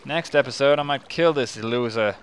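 A man hosting a gaming channel, talking to himself in casual, excitable commentary as he plays. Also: medium pitch, normal speed, a little hiss or hum. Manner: chatty, excitable, talks to himself while playing.

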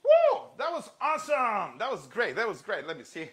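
A man from Colombia, a music teacher giving a lively live lesson from a home kitchen, coaching young viewers with counts and chants. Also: high voice, brisk, noisy background.

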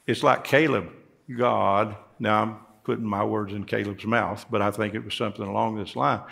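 A man's voice: fairly low pitch, steady tone, moderate pace, creaky, a bit bright. A male pastor delivering a sermon in a church, folksy in tone and rising emphatically on key words. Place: church sanctuary.

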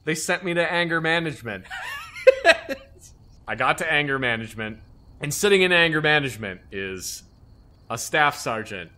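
A man who served in the army, telling a story in casual conversation, animated and profane. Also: a little high, normal speed, long pauses. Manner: animated, profane, acts out quoted people.

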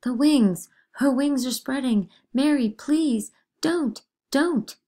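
A woman's voice: expressive, unhurried, darkish tone. A woman reading a play aloud, voicing a scheming teenage girl who shrieks in feigned terror. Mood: shrieking. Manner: shrill, screaming.

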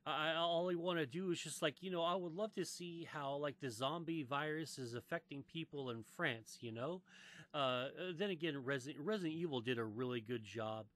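A man's voice: fairly high pitch, moderate pace, a bit bright. An American man hosting a casual gaming podcast, rambling with many restarts and fillers and swearing freely. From United States. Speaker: podcast host.

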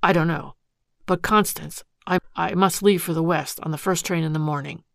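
A woman reading a frightened husband, creaky and low. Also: steady tone, fairly bright tone, no room sound, studio quality. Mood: desperate. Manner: hurried, halting pleas. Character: desperate middle-aged husband in trouble.

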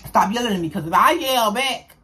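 Speaking briskly in a husky, somewhat high voice, a young woman chats casually with her viewers about something from her school days. She tells it in a lively, chatty way, full of slang.

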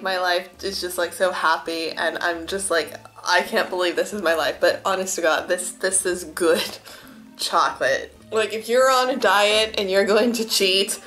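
A young woman food vlogger, chatting with enthusiasm and gushing while she tastes, her voice dropping to soft murmurs as she eats. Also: medium pitch. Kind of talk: chatty food tasting vlog.

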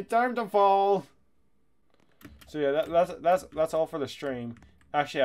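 A man chatting his way through a video game, excitable and quick to laugh. His voice sits at an ordinary middle pitch, and he swears freely as he goes. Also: clean tone. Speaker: gaming YouTuber. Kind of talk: casual gameplay commentary.

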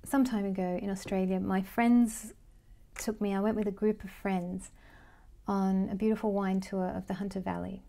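A woman's voice: mid-range voice, level tone, moderate pace, gravelly, warm tone, slight background noise. A woman, a Vedic astrology life coach, giving an informal lesson and thinking aloud as she talks through her notes.

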